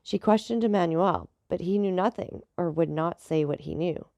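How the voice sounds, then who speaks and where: Gravelly-voiced woman reading a story. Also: fairly low pitch, moderate pace, mellow, no room sound. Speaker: audiobook narrator.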